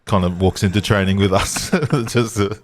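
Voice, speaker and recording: A man's voice: low voice, fairly even intonation, moderate pace. A young man hosting a casual podcast, reading out listener questions with chuckling, blokey banter. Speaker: podcast host.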